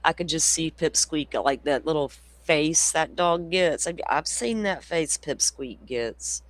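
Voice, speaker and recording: A man's voice: on the high side, a little slow, a bit bright. A man hosting a casual true crime livestream, rambling through stories, laughing often and swearing freely. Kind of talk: casual chat with viewers.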